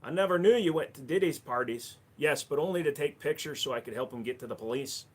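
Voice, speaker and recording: A man's voice: a little high, quick pace, husky. A man hosting a casual livestream, reading chat messages aloud and answering with crude jokes. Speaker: livestream host.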